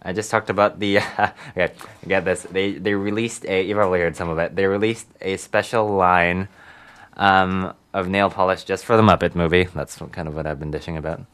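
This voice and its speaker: A man's voice: sits low, fairly even intonation, a little fast, a bit bright, clean tone. A man hosting a community radio show, chatting casually and giggling with lots of ums.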